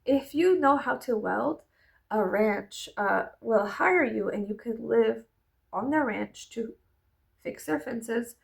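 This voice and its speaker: A woman's voice: on the high side, slow, gravelly. A young adult woman chatting casually in a vlog, rambling, laughing often and swearing freely. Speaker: vlogger.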